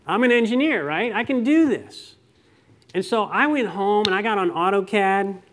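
High-voiced man preaching a conversational sermon. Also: expressive, moderate pace. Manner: conversational storytelling preacher, asks rhetorical questions. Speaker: pastor.

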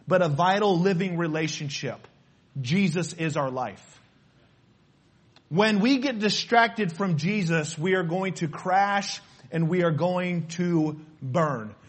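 A man preaching a sermon in an emphatic, animated way, repeating his key phrases. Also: sits high, husky.

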